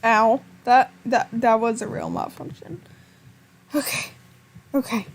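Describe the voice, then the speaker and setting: A woman's voice: on the high side, huge pitch swings, takes it slowly, vocal fry, a little hiss or hum. A woman giving frantic gameplay commentary, pleading and talking to her viewers. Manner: panicky, pleading, talks to viewers. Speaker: gamer.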